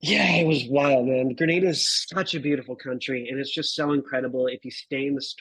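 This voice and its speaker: A man's voice: mid-range voice, fairly even intonation, fairly quick, a crowd in the background, rough recording. A man in his thirties telling a travel story in a casual interview, laid-back, swearing and calling people dude and bro. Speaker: guest photographer.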